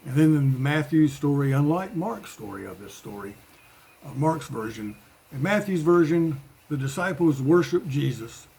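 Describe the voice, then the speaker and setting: A man's voice: on the high side, animated, moderate pace, creaky, warm tone, slightly rough. A man giving an informal sermon in a conversational way, with playful voiced asides. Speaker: preacher.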